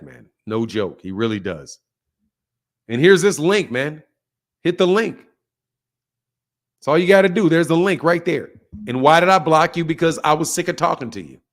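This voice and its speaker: A man hosting a boxing livestream, ranting at viewers in a profane, confrontational and animated way. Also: a little high. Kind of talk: heated livestream rant.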